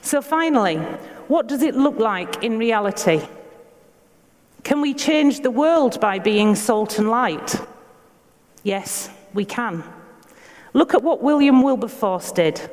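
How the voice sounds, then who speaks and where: Earnest Yorkshire woman preaching in a hall. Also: a little high. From Yorkshire, England. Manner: earnest, measured, with rhetorical questions. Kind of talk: sermon.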